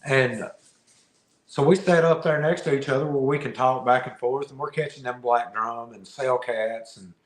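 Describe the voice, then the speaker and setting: A man guesting on a podcast, telling a fishing story in a casual, animated way, often laughing and repeating words. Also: medium pitch, normal speed. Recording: roomy echo.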